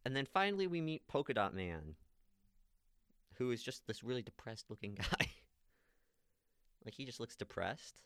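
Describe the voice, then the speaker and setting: A man's voice: medium pitch, very animated, moderate pace, pauses often, fairly bright tone, clean tone, no echo, clean studio sound. A man chatting casually as a podcast co-host, retelling movie scenes and quoting the characters. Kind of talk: casual chat recapping a movie.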